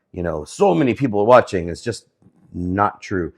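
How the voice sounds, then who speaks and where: A man giving casual, sarcastic commentary on the week's news, often pausing with fillers. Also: lowish voice, sing-song, darkish tone. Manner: sarcastic, hesitant with many fillers.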